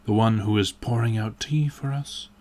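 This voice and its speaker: A man reading the part of a languid, witty aristocratic gentleman in an audiobook, in a dreamy, drawling, ironic way. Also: lowish voice, normal speed, lightly acted.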